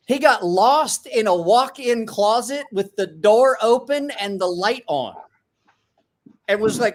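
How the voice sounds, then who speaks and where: A middle-aged man from a small rural town, hosting and telling profane, animated stories in casual chat. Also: high-pitched, a little slow. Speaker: host.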